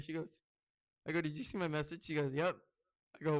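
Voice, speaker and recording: A man's voice: fast, no echo. A young man hosting his own podcast, chatting casually and rambling through stories with many fillers. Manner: gets loud and high-pitched when excited. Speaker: podcast host. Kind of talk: casual solo podcast chat.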